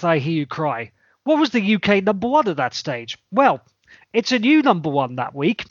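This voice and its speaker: A man with a notably high voice hosts a podcast, talking with keen, jokey enthusiasm and rattling off long lists. The sound is dry and close, a little dull in its top end. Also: a bit bright, breathy edge, no echo. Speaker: podcast co-host. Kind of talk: casual chat.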